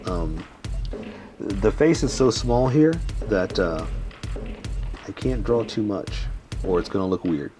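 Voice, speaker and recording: A man narrating each stroke of a step-by-step drawing lesson, rambling a little with many pauses and fillers. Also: fairly low pitch, animated, over music. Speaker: drawing instructor. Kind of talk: casual step-by-step drawing tutorial.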